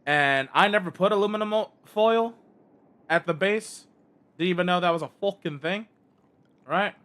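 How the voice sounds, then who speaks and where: High, bright-voiced ranting streamer man. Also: moderate pace. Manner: exasperated, heavy swearing. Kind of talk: casual rant while gaming.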